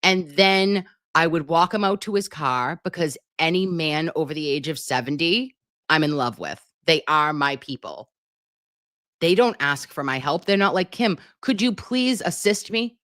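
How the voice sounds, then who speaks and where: A woman hosting a casual live stream, reading chat comments aloud in an animated, chatty way and swearing freely. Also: low voice, moderate pace, no echo, clean studio sound.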